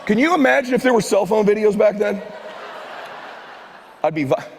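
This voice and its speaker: A middle-aged man giving a keynote on stage, telling a self-mocking story that swings from hushed asides to shouting. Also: sits high, lively intonation, normal speed, gravelly, slight background noise. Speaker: motivational speaker. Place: large event hall stage. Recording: long hall reverb from a live stage.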